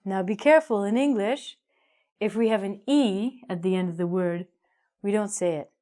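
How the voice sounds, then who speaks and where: Woman teacher doing a grammar lesson, lively and emphatic, drags out the words she wants to stick. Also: medium pitch. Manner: upbeat, emphatic, slows down to stress words. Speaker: English teacher.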